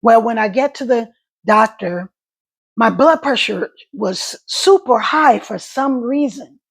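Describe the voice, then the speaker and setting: Middle-aged woman vlogger, gravelly and husky, halting and repetitive, voice catches. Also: fairly high pitch, expressive. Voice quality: voice catches and crackles when emotional. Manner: halting speech with repeated words. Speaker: stroke survivor vlogger. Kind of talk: casual talk to camera.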